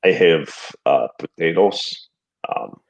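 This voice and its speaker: Man putting on a Russian suitor, put-on Russian accent, very deep voice, slow halting deadpan delivery, improv comedy. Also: gravelly, highs cut off, exaggerated voice.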